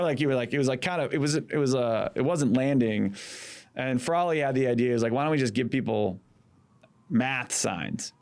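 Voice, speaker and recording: Gravelly-voiced man telling a story. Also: mid-range voice. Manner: animated storytelling, acting out quotes, frequent swearing. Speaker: guest, former campaign manager. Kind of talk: casual podcast chat.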